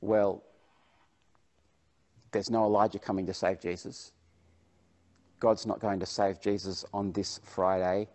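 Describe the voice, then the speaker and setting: A man's voice: low-pitched, level tone, unhurried, long pauses, a little mellow. A man preaching a sermon, reading Bible verses aloud with emphasis and then explaining them.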